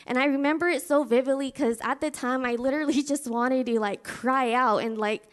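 A woman's voice: high voice, steady tone, a little fast. A woman preaching a sermon, telling a personal story in an earnest way with many fillers. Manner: fervent spoken prayer.

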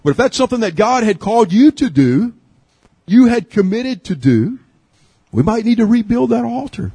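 A middle-aged man from Texas preaching a sermon, earnest, with repeats and restarts, rising high to urge and sinking low and quiet. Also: big pitch swings, moderate pace, slightly rough, no echo. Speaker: pastor.

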